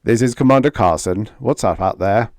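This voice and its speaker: A man's voice: fairly low pitch, normal speed, a little mellow, no room sound, natural voice. A man reading the lines of a brusque military commander speaking over a ship's radio panel, clipped and commanding.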